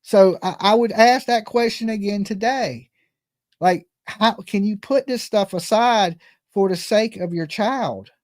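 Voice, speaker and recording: A man's voice: sits high, a little slow, dry recording. Guy rambling on his true crime stream, earnest, keeps repeating himself, dry close sound. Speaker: true-crime livestream host. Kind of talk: casual livestream commentary.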